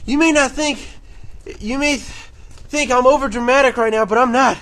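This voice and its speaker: A man vlogging outdoors in a snowstorm, excitable and rambling, out of breath, talking into a handheld camera mic. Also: very high-pitched, normal speed.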